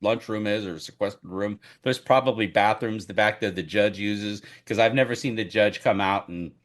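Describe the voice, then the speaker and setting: Here a co-host of a casual podcast, a man who was part of the media at a trial, relives it through vivid stories. He keeps a moderate speed, but his excitement pushes his voice into a loud boom.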